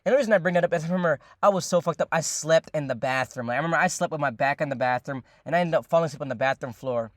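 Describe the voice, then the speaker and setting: Fast-talking young man telling a rambling story. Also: fairly high pitch, no echo, clean studio sound. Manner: rambling, profane, heavy on fillers and repeats; addresses viewers as ladies and gentlemen. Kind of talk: casual storytime monologue.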